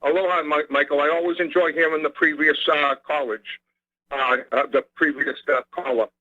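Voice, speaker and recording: A man calling in to a radio talk show, speaking haltingly with many fillers. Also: fairly high pitch, little pitch movement, no echo. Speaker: caller. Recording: muffled phone line.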